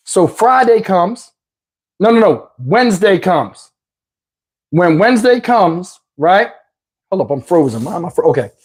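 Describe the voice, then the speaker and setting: A middle-aged man casually telling a comic personal story to his viewers, animated and slangy, with frequent restarts and asides. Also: high-pitched.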